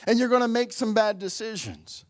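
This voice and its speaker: A man's voice: high voice, moderate pace, no room sound. A middle-aged man preaching a sermon at a church, conversational and storytelling, calling out to the congregation. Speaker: pastor.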